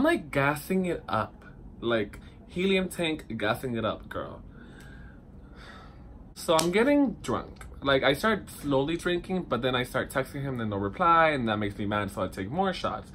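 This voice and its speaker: Animated young man telling a story. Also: mid-range voice, a little hiss or hum. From Dominican heritage. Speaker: vlogger. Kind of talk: casual storytelling vlog. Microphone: phone camera.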